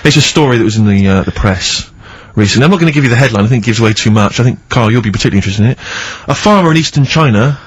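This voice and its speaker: A man's voice: mid-range voice, animated, very fast, hardly any pauses, slightly rough, no echo, low-quality recording. A man co-hosting a radio show, with a dry, wry way of talking and hesitant fillers. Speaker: radio co-host. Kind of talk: casual radio banter. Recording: dry studio mic.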